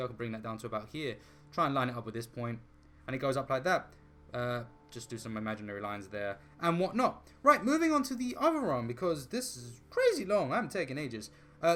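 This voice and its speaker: A man's voice: fairly high pitch, fairly bright tone. A man with a slightly raised voice guides viewers through a drawing step by step. He thinks aloud and drifts into friendly rambling asides, often laughing at himself along the way. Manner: chatty, thinks aloud, self-deprecating asides. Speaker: drawing tutorial host. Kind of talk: casual rambling drawing narration.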